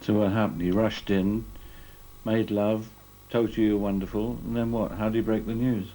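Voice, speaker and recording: A male documentary interviewer with a very low, warm voice, asking pointed questions in a direct, steady way. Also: moderate pace, rough recording.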